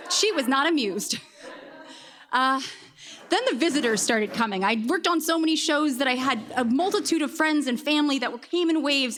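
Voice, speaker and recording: Wry high-voiced woman telling a story. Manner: wry, self-deprecating, deadpan punchlines. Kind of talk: comedic live storytelling.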